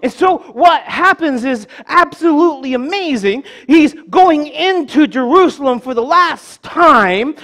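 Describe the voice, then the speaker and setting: A male preacher with a strikingly high voice delivers a sermon in church. He leads the congregation in call-and-response and slips in playful joking asides between his points. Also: lively intonation, a little slow, hardly any pauses, a bit bright.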